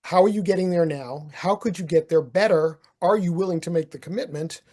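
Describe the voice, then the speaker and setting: An older man from the United States, a marketing author, talking casually as a podcast guest and telling stories with animated chuckles. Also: on the high side, fairly quick. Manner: animated storyteller, chuckles, restarts. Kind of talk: casual interview talk.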